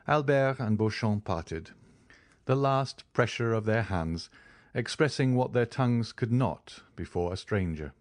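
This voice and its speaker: A man narrating a classic novel as an audiobook, in a steady, formal storytelling manner. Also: fairly low pitch, measured pace, no echo. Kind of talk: scripted narration.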